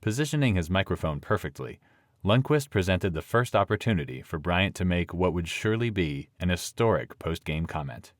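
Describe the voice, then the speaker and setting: A man narrating an audiobook in a measured, deliberate way on a close studio microphone. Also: deep voice, animated, no echo.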